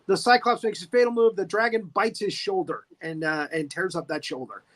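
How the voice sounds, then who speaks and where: A man co-hosting a podcast, recapping a monster movie in a lively way, laughing often and acting out the scenes. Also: high voice, brisk. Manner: animated, laughing, acts out scenes. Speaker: podcast co-host.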